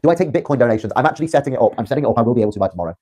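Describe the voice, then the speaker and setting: A man's voice: medium pitch, animated, rapid-fire, warm tone, slightly rough. A young man from Britain on a livestream, ranting defiantly with rambling restarts. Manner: rambling, repetitive, stumbling restarts.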